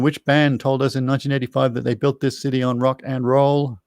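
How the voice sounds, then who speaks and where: Reading pub quiz answers on a live stream, a middle-aged Australian man chats casually and spells words out as he goes. His mid-range voice is level, slightly quick and a little mellow, with no room sound.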